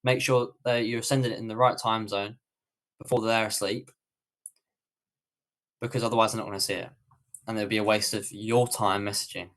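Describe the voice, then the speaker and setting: A man's voice: on the low side, level tone, moderate pace, pauses often, fairly bright tone. A man with a British accent answering viewer questions on a livestream tutorial, in a casual, rambling way with many fillers and restarts. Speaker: online coach.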